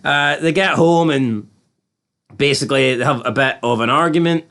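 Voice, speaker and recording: A man's voice: a little high, normal speed. A man co-hosting a casual TV review chat, rambling and incredulous as he retells scenes. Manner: chatty, rambling, incredulous, animated retelling with quoted voices. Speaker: podcast co-host reviewing a TV episode.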